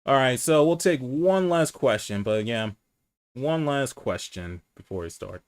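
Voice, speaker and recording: A man hosting a casual livestream chat, candid and profane, who says he speaks low and rambles with restarts. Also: animated, measured pace, clear, resonant tone.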